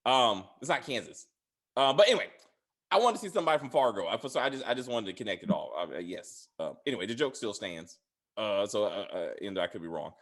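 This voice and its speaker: A man talks casually as a podcast host, his pitch swinging up and down in a lively way. He rambles, stumbles over his words and fills gaps with lots of ums and uhs. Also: fast. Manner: rambling, many fillers and restarts; laughs loudly and high. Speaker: podcast host reviewing a TV series. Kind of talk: casual chat.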